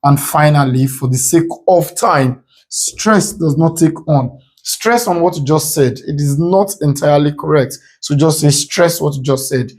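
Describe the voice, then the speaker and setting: A man from Nigeria teaching an exam-prep English grammar lesson. He repeats each rule several times and slows down to stress the quoted options. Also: on the high side, breathy edge.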